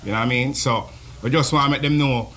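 Brief: Jamaican barber, bright and forceful tone, laid-back. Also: male voice, medium pitch, fast. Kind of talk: casual promo chat.

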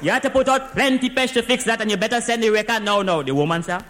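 A man with a Trinidadian accent performs a comic monologue as one side of a phone call. He plays a driving instructor reporting to his boss, speaking in dialect with excited storytelling and adding "sir" after almost every phrase. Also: high voice, fast.

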